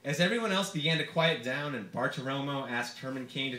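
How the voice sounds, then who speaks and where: A man reading his own comic personal essay aloud to a live audience in a bar, with a vivid, expressive storytelling delivery. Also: medium pitch, a little fast, few pauses, roomy sound, heavy background noise. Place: bar hosting a reading series.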